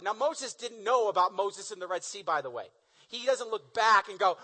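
Bright-voiced, animated male preacher. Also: high voice, brisk, poor audio. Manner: animated storytelling, casual slang. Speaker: pastor. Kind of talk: sermon.

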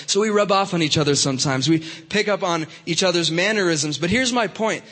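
Speaking fairly quickly with few pauses, a man with a fairly high, sharp-toned voice preaches a youth sermon. He keeps it loose and chatty, often restarting and using fillers, while long reverb hangs behind him.

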